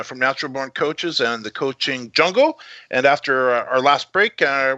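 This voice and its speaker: Male podcast host, bright forceful voice, enthusiastic rambling storyteller, dry muffled recording. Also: medium pitch, no room sound. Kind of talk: casual interview chat.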